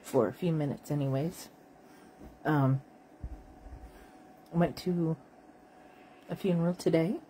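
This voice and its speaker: A tired woman with a cough, talking in a slow, halting late-night monologue to her viewers. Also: low-pitched, mellow, slight background noise, poor audio. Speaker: vlogger.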